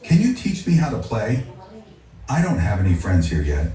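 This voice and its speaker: A man voicing a friendly, gently sad young girl who has just moved to town, speaking softly and candidly. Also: lowish voice, wildly swooping pitch, normal speed, pitched above the performer's own voice. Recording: echoey, distant, faint music.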